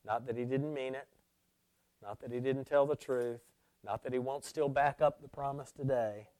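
A man preaching a sermon, moving from loud emphatic declarations to hushed, near-whispered lines. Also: medium pitch, steady tone, normal speed, dry recording.

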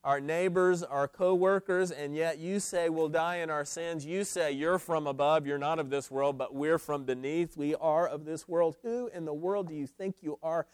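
A man's voice: a little high, steady tone, normal speed, hardly any pauses, smooth, no room sound, lightly acted. A man voicing indignant, self-righteous male religious leaders who question with haughty affront.

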